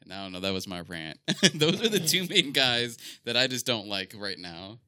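A man's voice: lowish voice, big pitch swings, moderate pace, sharp tone, clean tone, no room sound, clean studio sound. A young man co-hosting a casual podcast chat, ranting with lots of swearing and laughter. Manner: profane ranting, laughs often. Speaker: podcast co-host.

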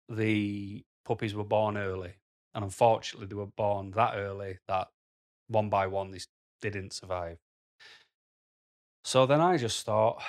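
A man talking to camera in a blunt, rambling way, full of "you know" fillers. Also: on the low side. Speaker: vlogger. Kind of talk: casual monologue to camera.

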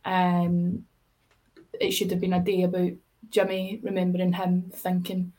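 A woman's voice: lowish voice, completely flat delivery, unhurried, warm tone, low-quality recording. A woman with a Scottish accent co-hosting a podcast, speaking in a subdued, hesitant way. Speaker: podcast co-host. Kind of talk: casual podcast chat.

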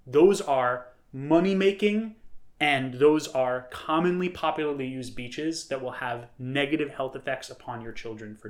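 A man from upstate New York co-hosting a podcast in casual, emphatic conversation, with many fillers. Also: a little high. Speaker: podcast co-host.

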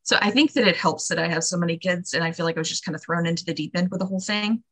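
A woman's voice: fairly low pitch, very fast, fairly bright tone. A woman as a podcast guest, chatting in a casual, earnest and encouraging way. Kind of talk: casual chat.

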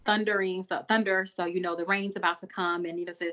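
A woman chatting casually on a group podcast, animated, acting out quotes with big jumps in her voice. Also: on the low side, fast talker, lo-fi sound, slight background noise. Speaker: podcast co-host. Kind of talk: casual group chat about a TV episode.

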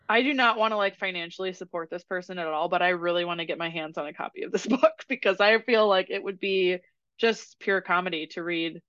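A woman's voice: on the low side, a little fast, a bit bright, no room sound. A woman hosting a podcast in casual chat, laughing often as she reads passages aloud. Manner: giggly, reads excerpts aloud with frequent laughs. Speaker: podcast host. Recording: dry, dull lo-fi sound.

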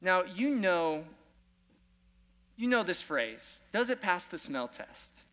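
Young guy preaching, kinda high voice, jokey and upbeat with the crowd. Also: slow. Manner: playful, self-deprecating humor with rising excitement. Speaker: guest preacher. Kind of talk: energetic sermon. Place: church sanctuary with congregation.

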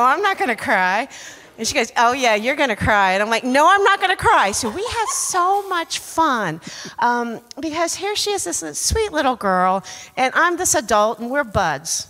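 Lively woman storyteller, does the voices, kinda high, lots of hall reverb. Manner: lively, acts out quoted dialogue. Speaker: church member giving thanks. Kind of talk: casual storytelling speech.

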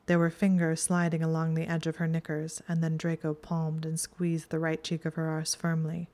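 A woman reading fan fiction aloud as an audiobook, with even, steady storytelling. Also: low voice. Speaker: reader.

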